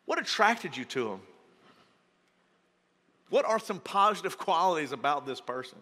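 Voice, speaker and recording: Animated pastor with bright, ringing tone. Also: male voice, moderate pace. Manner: animated, acts out quoted voices with big pitch jumps; folksy, joking. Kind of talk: sermon. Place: large church hall. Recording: long hall reverb.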